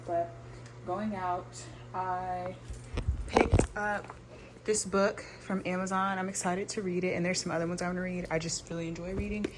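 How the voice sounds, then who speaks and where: A woman's voice: fairly low pitch, background noise. A woman chatting casually to camera in a vlog, rambling and repeating herself. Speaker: vlogger. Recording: roomy echo with faint ambience.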